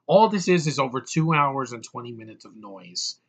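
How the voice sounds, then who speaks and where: A man's voice: medium pitch, lively intonation, moderate pace, a bit bright. A man giving an exasperated, profane movie review rant, with heavy emphasis. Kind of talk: ranting movie review vlog.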